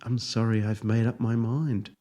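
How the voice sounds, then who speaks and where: A man voicing a wife leaving her husband, speaking quietly, apologetic but firm. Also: mid-range voice, fairly even intonation, normal speed, pitched below the performer's own voice, close to an everyday voice.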